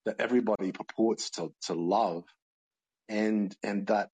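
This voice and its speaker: A man's voice: fairly low pitch, fairly even intonation, a little mellow, slightly rough, no echo, poor audio. A man calling in to a podcast, stammering and restarting his sentences often. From Australia. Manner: stammering, halting, many restarts. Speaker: caller. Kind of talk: casual call-in chat.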